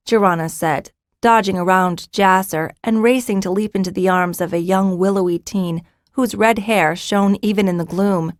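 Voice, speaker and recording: A woman narrating a fantasy audiobook in a measured, even storytelling manner. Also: fairly low pitch, dry recording, clean studio sound. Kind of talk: scripted narration.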